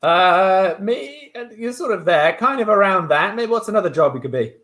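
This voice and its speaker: A man's voice: high voice, expressive, normal speed, a bit bright. A man improvising comedy, quizzing and prodding his scene partner with frequent laughter.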